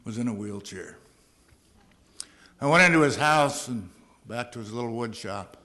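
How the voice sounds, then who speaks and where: A man's voice: mid-range voice, lively intonation, normal speed, sharp tone. Earnest middle-aged man telling his story. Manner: earnest storytelling with dry humor. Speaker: recovery meeting speaker. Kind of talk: personal recovery talk at a podium.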